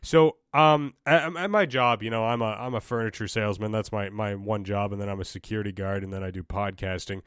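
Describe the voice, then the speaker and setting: A man's voice: fairly low pitch, steady tone, brisk, hardly any pauses, a bit bright, clear, resonant tone, no echo, clean studio sound. A young man hosting a solo podcast, ranting casually with profanity, exasperation and frequent restarts. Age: young adult. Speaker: podcast host.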